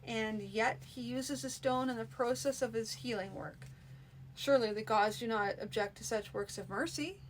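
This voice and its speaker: Brief: commanding male baron in a storybook reading, dry and measured; woman reader voices him. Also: a little high, a little hiss or hum, lightly acted, low-quality recording.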